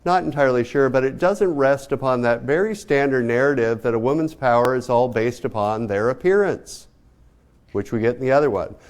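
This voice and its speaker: A man lecturing a class in a loose, conversational way. His voice sits at a middle pitch. He keeps asking his students rhetorical questions. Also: fairly quick. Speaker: art history lecturer.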